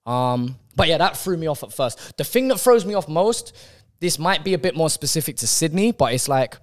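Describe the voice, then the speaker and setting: London guy as a chatty podcast guest, a touch high-pitched, repeats himself, loose casual delivery. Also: expressive, normal speed. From England. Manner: chatty, repeats words, says "like" and "you know" a lot. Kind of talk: casual chat.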